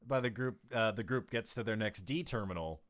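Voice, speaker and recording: A man's voice: fairly low pitch, a little fast. A man running a tabletop game as game master, chatting casually and laughing often at his own slips. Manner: laughs often, self-mocking, animated.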